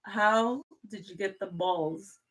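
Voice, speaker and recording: A bright, sharp-toned woman in her forties hosts a casual live stream. She teases and scolds her husband playfully and laughs often. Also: medium pitch, slow pace, a little hiss or hum, poor audio. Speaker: host interviewing her husband. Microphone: phone or computer mic for a live stream.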